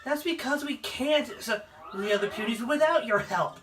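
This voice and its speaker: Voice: mid-range voice, moderate pace, a bit bright, a little hiss or hum, pitched above the performer's own voice, lightly acted. A player voicing a whiny little creature kid. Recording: distant mic, game music behind.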